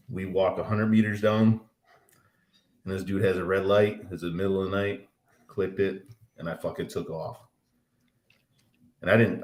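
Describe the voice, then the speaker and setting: Man, forties, very deep voice, cursing storyteller, echoey room. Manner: profane, animated storyteller. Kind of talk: casual podcast chat. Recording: roomy echo.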